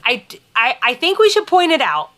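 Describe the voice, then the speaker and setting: A woman's voice: high voice, wildly swooping pitch, a bit bright. Chatty woman with a light Southern lilt. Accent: Southern American, light. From Southern United States. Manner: chatty and rambling, quick laughs, playful teasing. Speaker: podcast co-host. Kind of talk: casual chat.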